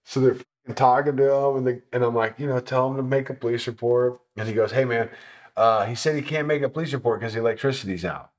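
Animated man telling a road-trip story. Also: mid-range voice, fast. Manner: animated, swearing, acts out quotes. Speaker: motorcycle traveler telling his trip. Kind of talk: casual storytelling interview.

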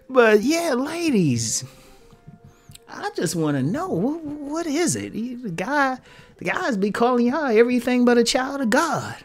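A man's voice: extremely high pitch, very animated, measured pace, long pauses, soft background music. A man hosting his own video channel, talking casually to his audience, laughing often and posing rhetorical questions. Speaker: YouTube host addressing viewers. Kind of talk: casual talking-head commentary.

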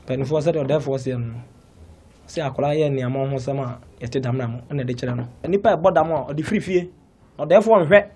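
An actor playing a solemn elder in a film drama, explaining custom in a measured way. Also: male voice, medium pitch, dark tone, slight background noise, lightly acted. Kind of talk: Twi-language film drama.

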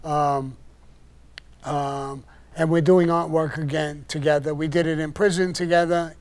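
A man's voice: fairly high pitch, flat delivery, unhurried. An older man, blunt and profane, telling stories on a live stream and getting heated when he rants. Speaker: podcast host telling stories. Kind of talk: casual storytelling on a live stream.

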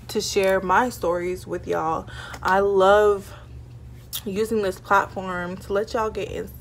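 Chatty young woman vlogger, lots of "like". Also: mid-range voice. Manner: chatty, animated, many fillers like "like" and "y'all". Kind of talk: casual storytime vlog. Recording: faint background noise.

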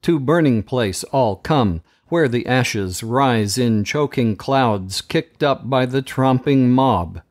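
A man reads a storybook chapter aloud for his podcast listeners. He takes his time, with a slow and deliberate pace and a mid-range voice. His reading is dramatic and measured. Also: mid-range voice, animated.

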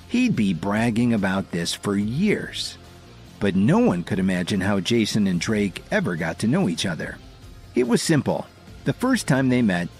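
A man narrating a dramatic audio story in a scripted, expressive manner. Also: on the low side.

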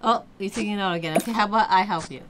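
The recording has loud background noise as a young adult woman, speaking very fast at a medium pitch, coaches and cheers on her child during a game. Her casual chat is encouraging and full of exclamations.

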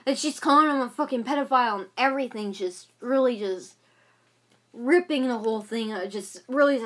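Young woman vlogger, high voice, agitated rambling rant. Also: moderate pace. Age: young adult. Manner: agitated ranting, many fillers and repeats. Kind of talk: casual venting vlog.

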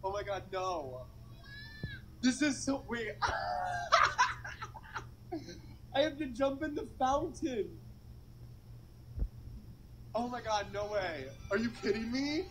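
High-voiced flustered young man. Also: expressive, moderate pace, slight background noise, poor audio. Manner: flustered, anxious, rambling and swearing. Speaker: vlogger doing a dare. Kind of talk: casual vlog to camera. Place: outdoors by a public fountain.

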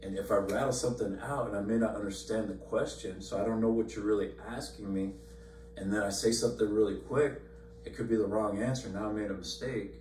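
A man's voice: on the low side, steady tone, fairly quick, darkish tone. A man leading an informal Bible study, talking conversationally with many fillers and repeated words. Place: church meeting room. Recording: echoey room, far from mic, faint hum.

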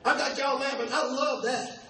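Older man, high voice, playful stand-up crowd work, tired voice, echoey club, heard from a distance. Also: steady tone. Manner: loose, playful crowd work with quick asides to the audience. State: tired voice from weeks of touring. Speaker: stand-up comedian and impressionist. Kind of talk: live stand-up comedy. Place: comedy club stage before a live audience. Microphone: handheld stage mic. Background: audience laughter and room ambience.

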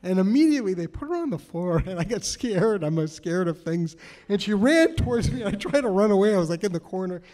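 A man tells a story live on a stage, his voice sitting a little high for a man. He is animated and self-mocking and keeps laughing as he goes. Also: brisk. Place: stage in a cultural center.

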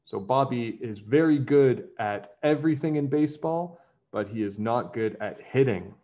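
Male storybook reader, lively pitch, dull lo-fi sound. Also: moderate pace. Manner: animated storybook reading with changing voices. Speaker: children's book reader. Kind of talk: reading a picture book aloud.

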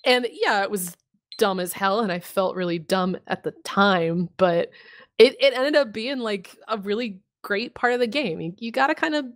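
A woman's voice: medium pitch, normal speed. Laughing, casual woman podcast co-host. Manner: laughs often, swears casually, self-mocking. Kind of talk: casual chat about tabletop games.

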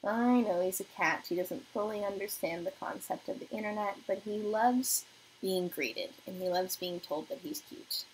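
A young woman hosting a beauty livestream from her apartment, chatting casually while doing her makeup and reading viewer comments aloud, sometimes dropping to a soft murmur. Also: mid-range voice, moderate pace, a little hiss or hum, poor audio. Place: home apartment.

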